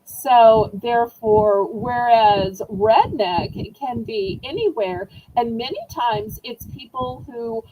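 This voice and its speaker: A woman's voice: on the high side, takes it slowly, hardly any pauses, warm tone, slightly rough, poor audio. A woman with a Southern American accent hosting a live online auction, chatting with viewers in a bubbly way while she shows items and sets starting bids. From Southern United States. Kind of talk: live-stream auction chat.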